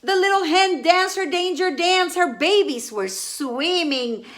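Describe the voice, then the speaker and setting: A woman reads a picture book aloud in a slow, expressive way, with many exclamations. Her voice is very high and bright, and it moves up and down a lot. She takes her time over every phrase. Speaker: storyteller.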